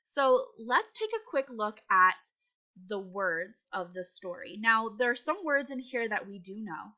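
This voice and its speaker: A woman's voice: mid-range voice, expressive, a little slow, pushed and bright, muffled recording. A woman teaching young children to read, patient and encouraging as she sounds out letters. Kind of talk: reading lesson for young children.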